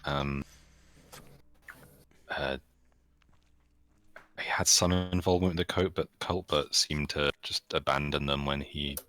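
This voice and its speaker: A man playing a tabletop game, speaking hesitantly and politely in character with many pauses. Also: rumbling low, little pitch movement, a bit bright. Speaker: player.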